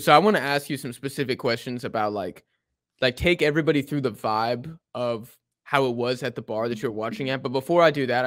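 A man co-hosting a casual podcast, talking in relaxed slang and asking his co-host questions. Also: mid-range voice, dry recording, studio quality.

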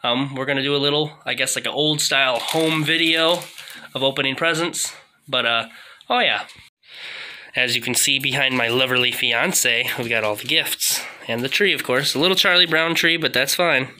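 A chatty woman narrating a casual home video from her living room. Her voice sits low but has a bright, forceful edge. She rambles on in a relaxed way. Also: normal speed, slight background noise, low-quality recording. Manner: rambling and chatty, coos at the dogs. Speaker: vlogger filming a home video.

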